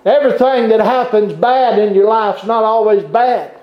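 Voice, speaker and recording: A man preaching a sermon, fervent, with halting restarts and bursts of shouting. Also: high voice. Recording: echoey room, dull lo-fi sound.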